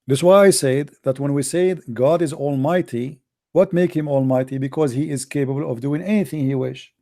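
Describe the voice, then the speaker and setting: A man's voice: on the high side, moderate pace, mellow. A middle-aged man with an Arabic accent, hosting a call-in show and giving a polemical religious talk in a mocking, emphatic way with broken grammar.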